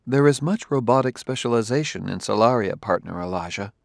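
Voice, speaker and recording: A man voicing a calm, formal male partner who speaks gently and precisely. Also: medium pitch, fairly quick, gravelly, dry recording, studio quality.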